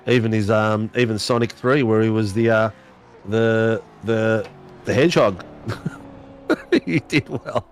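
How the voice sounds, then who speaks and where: A man's voice: lowish voice, slow pace, pauses often, slight background noise. Laughing man calling sim racing. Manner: chatty, laughing, slangy banter. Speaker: race commentator.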